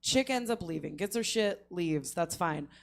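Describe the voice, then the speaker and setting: A woman's voice: fairly low pitch, normal speed, vocal fry. Laughing woman telling a wild story. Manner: laughs often while telling, animated voices for quotes. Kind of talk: casual comedic storytelling. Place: comedy theater stage.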